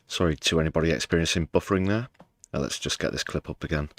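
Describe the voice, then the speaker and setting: Very deep-voiced British man, wry. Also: quick pace, fairly bright tone, faint music behind. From United Kingdom. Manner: wry, sarcastic asides. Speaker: livestream news host. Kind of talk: casual political commentary.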